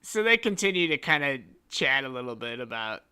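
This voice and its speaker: A man's voice: mid-range voice, big pitch swings, fairly quick, sharp tone, clear, resonant tone. A man narrating a tabletop game as game master, in a casual, loose style with many fillers.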